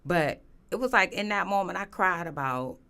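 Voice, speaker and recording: A woman's voice: fairly low pitch, animated, moderate pace, sharp tone, clean tone. Candid woman telling her story. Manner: earnest, candid, many "you know" fillers. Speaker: guest. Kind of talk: emotional personal storytelling.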